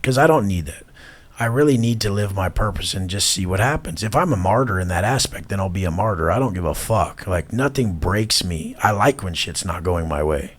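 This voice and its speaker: Casual podcast guest: husky, blunt man who curses constantly and talks with intensity. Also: low voice, lively intonation, moderate pace. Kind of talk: casual chat.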